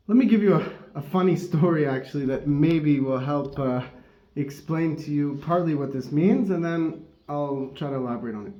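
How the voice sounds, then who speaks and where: A man giving a casual Torah teaching, who rambles, corrects himself and laughs often. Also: a little high. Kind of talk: casual religious teaching talk. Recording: dull, roomy recording.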